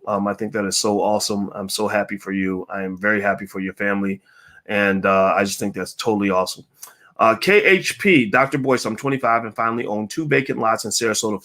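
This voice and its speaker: A middle-aged man hosts a casual livestream Q&A, answering viewer questions and reading their comments aloud in an upbeat way, with lots of fillers. His voice sits on the low side with a fairly bright tone.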